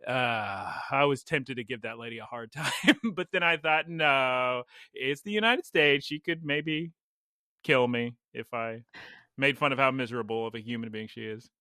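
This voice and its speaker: A man hosting a casual podcast, telling stories in an animated way with frequent laughs. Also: medium pitch, normal speed, dry recording, studio quality. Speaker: podcast host.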